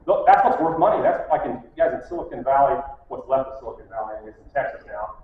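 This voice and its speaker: A man's voice: medium pitch, animated, quick pace. A middle-aged man giving a casual conference talk, blunt and full of stories, acting out the people he quotes. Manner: blunt, storytelling, acts out quotes. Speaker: conference speaker. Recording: echoey hall from far off, phone-like.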